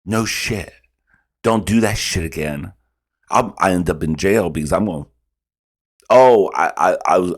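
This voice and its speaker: A man hosting a reaction video, telling stories in casual, profane, animated commentary. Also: low voice, a little slow, long pauses, breathy edge.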